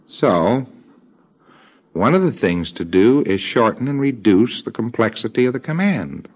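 A man giving a recorded lecture in a deliberate way, acting out bits of dialogue in quoted voices. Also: mid-range voice, animated, darkish tone. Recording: dull lo-fi old tape.

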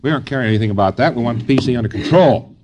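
A man giving an informal lecture to trainees, rambling and folksy, often pausing on fillers. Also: mid-range voice, noisy background.

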